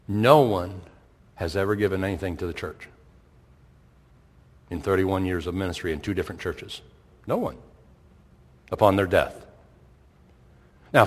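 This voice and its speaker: A middle-aged man, a pastor, preaching a sermon in a conversational way, firing rhetorical questions and repeating his points. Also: lowish voice. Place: church sanctuary. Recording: long hall reverb.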